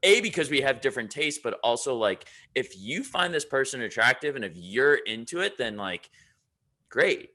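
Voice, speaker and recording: A man's voice: medium pitch, big pitch swings, normal speed, pushed and bright. A man co-hosting a casual podcast, talking in an earnest, reflective way and drifting onto side topics. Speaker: podcast co-host. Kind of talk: casual chat.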